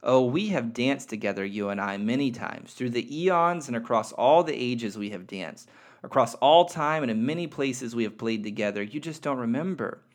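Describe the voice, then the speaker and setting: A man's voice: medium pitch, animated, normal speed, lightly acted. A man reading the part of a loving, playful soul spirit who speaks tenderly and reassuringly.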